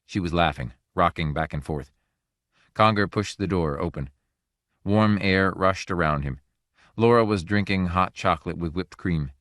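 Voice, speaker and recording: Deep-voiced male audiobook narrator. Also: normal speed, a bit bright, no echo, clean studio sound. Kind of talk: scripted narration.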